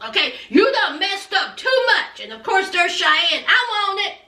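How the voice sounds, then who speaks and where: A woman recapping a TV episode in an animated casual chat, chatty and sassy, calling viewers child and honey. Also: extremely high pitch, measured pace, far from the mic. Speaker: TV recap vlogger. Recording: roomy echo, from off mic.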